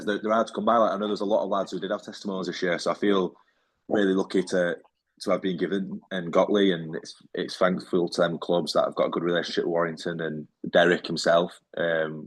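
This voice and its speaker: This man speaks with a low voice that has a breathy edge. He talks as a rugby league player in a casual interview, easygoing and rambling, full of fillers and restarts.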